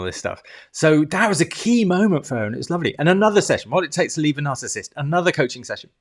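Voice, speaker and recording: A middle-aged man who works as a life coach talks casually to camera. He restarts his sentences often, swears now and then, and makes little ding sound effects as he goes. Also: medium pitch. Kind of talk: casual teaching monologue to camera.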